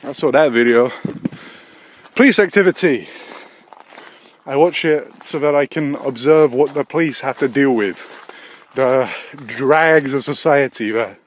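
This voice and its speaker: A man hosting a solo podcast, rambling through offhand comic musings with frequent swearing and a deadpan delivery. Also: mid-range voice, unhurried. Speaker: podcast host.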